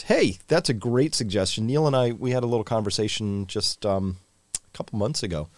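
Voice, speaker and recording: A man's voice: on the low side, brisk, no room sound, studio quality. A man co-hosting a casual talk show, chatting in a conversational way and reading viewer comments aloud. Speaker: podcast co-host. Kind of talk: casual chat with live audience.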